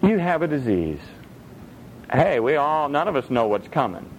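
An animated male preacher whose voice climbs high and swoops widely through a sermon. He is dramatic and jokey, and acts out voices along the way. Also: normal speed, a little hiss or hum, rough recording.

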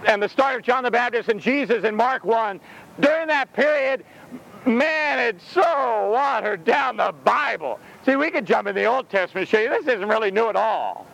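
A man's voice: very high-pitched, vocal fry, fairly bright tone, a little hiss or hum, poor audio. A man preaching an intense, exclaiming sermon, laughing now and then between points. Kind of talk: fiery sermon.

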